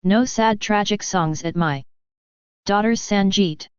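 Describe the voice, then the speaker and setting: Brief: firm old-fashioned mother, voiced by a woman reader; clear tone, dry sound. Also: mid-range voice, slow, no echo, natural voice. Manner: firm, matter-of-fact. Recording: dull, dry lo-fi audio.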